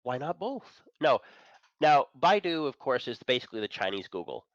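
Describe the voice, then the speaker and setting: A managing editor of an entertainment and tech site chats casually as a talk show guest, eager and opinionated, with chuckles between his points. He speaks at a moderate pace in a sing-song, mid-range voice; the recording is lo-fi and echo-free.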